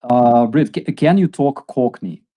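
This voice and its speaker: A man on a roundtable panel, talking in a halting way with many fillers. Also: mid-range voice, warm tone. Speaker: regular panelist. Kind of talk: casual roundtable chat.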